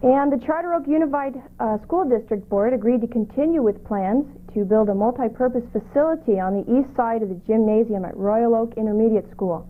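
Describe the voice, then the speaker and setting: A woman reading the local news, weather and lottery numbers in a steady, measured way on a community cable show. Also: a little high. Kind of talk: read local news segment. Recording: tinny lo-fi videotape audio.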